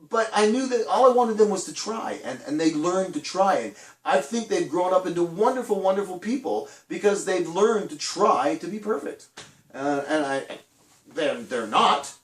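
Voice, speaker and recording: A middle-aged man giving a chatty, animated children's church talk, acting out little voices and laughing as he tells stories. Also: high voice, normal speed, roomy sound, distant mic.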